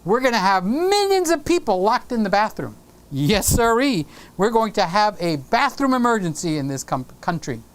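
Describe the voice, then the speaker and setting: A man's voice: sits high, very animated, moderate pace. A man hosting a casual live stream from his home studio, playfully teasing viewers and greeting them by name.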